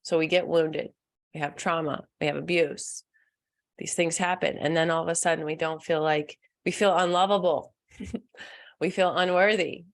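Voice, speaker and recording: A young woman hosting a live stream as a spiritual coach, talking softly and earnestly, laughing often and answering comments from the chat. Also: sits low, fairly even intonation, normal speed. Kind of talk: casual live-stream talk.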